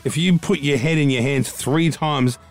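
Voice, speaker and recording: A man's voice: fairly high pitch, moderate pace, music in the background. A man with an Australian accent co-hosting a radio show, bantering in a teasing, sarcastic and crude way. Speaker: radio co-host.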